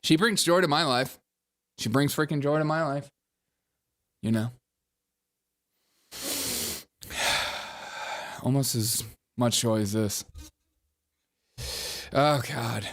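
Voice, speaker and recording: A man's voice: medium pitch, big pitch swings, very slow, long pauses, a bit bright. A man hosting a comedic news commentary show, mocking and laughing often as he slips into put-on accents.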